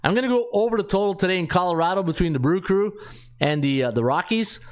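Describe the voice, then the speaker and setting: A man with a slightly high-pitched voice hosts a sports betting show. He talks through his picks casually, thinking out loud and reading numbers off a sheet. His speech is full of relaxed fillers. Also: fast talker. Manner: thinks aloud, reads off stats with frequent fillers.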